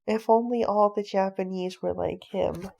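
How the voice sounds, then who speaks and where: A woman reading a storybook aloud, voicing a gentle, lonely man who speaks softly and haltingly. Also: mid-range voice, fairly even intonation, vocal fry, a little hiss or hum, lightly acted. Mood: moved. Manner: soft, halting and grateful. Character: gentle lonely Korean man far from family.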